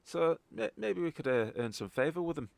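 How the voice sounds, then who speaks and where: A man's voice: a little high, very animated, a little fast, gravelly, no room sound, pitched above the performer's own voice. A man voicing a male local contact with a put-on Scottish accent, folksy and full of "aye". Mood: conspiratorial. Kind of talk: in-character voice in a tabletop game.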